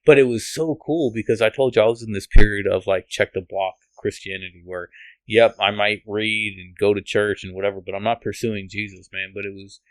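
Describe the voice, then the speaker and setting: Man, podcast guest, earnest rambling testimony, slightly low voice, dry close sound. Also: fairly even intonation, brisk, no room sound. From United States. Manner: earnest, rambling, restarts and laughs. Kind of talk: emotional testimony.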